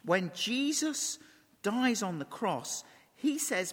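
Impassioned preacher in a reverberant hall. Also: male voice, high voice, big pitch swings, measured pace, breathy edge. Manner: impassioned, dropping to quiet intensity. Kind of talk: sermon.

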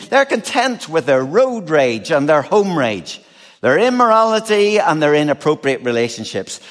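Slow, lively-voiced preacher in a reverberant hall. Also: male voice, on the high side. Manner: measured, expressive preaching with dry humor. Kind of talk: sermon.

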